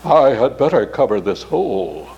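A man voicing a scheming male monk who speaks low and hushed. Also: big pitch swings, moderate pace, gravelly, lo-fi sound. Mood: furtive.

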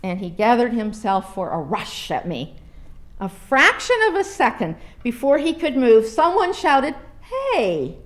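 A woman giving a sermon, reading a story aloud with an expressive, dramatic delivery. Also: a little high, unhurried.

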